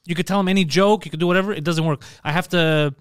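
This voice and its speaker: A man hosting a podcast in casual chat, telling stories in a profane, animated way. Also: sits high, fast talker, clear, resonant tone, dry recording, clean studio sound. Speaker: podcast host.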